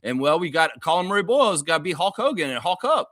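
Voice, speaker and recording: A man's voice: a little high, very animated, fast talker, fairly bright tone, no echo, clean studio sound. A man hosting a sports fan livestream, ranting heatedly and sarcastically with a lot of swearing, then easing into laughing, loose chat. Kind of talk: profane ranting fan commentary.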